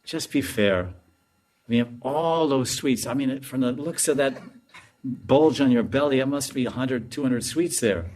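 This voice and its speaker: A man's voice: medium pitch, unhurried, darkish tone, natural voice. A man voicing a cowherd boy who teases and coaxes a friend to share. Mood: coaxing.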